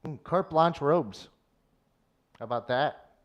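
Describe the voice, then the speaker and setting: A man's voice: a little high, slow. A man chiming in during casual banter with dry, offhand suggestions.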